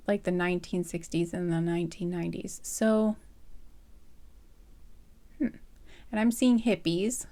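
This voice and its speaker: Slightly hoarse woman musing through a reading. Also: medium pitch, a little mellow. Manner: rambling and hesitant, thinking aloud with many fillers and restarts. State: slightly hoarse, irritated throat. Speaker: tarot card reader. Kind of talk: casual pick-a-card reading.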